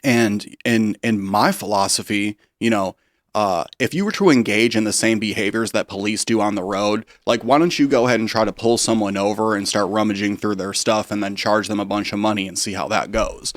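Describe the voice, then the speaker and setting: Low-voiced casual male guest. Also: steady tone, brisk, no echo, studio quality. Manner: casual, full of fillers like "you know". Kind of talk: telling his own story in an interview. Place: podcast studio.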